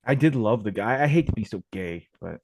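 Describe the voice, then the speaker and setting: A man on a call-in show with a lowish voice and a dry, close sound. He rambles through his stories, swearing constantly and repeating himself as he goes. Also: animated, fairly quick, darkish tone, breathy edge, no echo. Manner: profane, rambling storytelling. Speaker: caller. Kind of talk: casual call-in chat.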